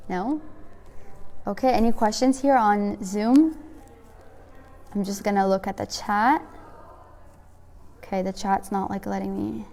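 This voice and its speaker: A woman's voice: medium pitch, steady tone, unhurried, long pauses, slight background noise. A young adult woman teaching a women's class in a casual, chatty way, full of "like" and "you know", often acting out little conversations. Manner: chatty, filler-heavy, acts out little dialogues.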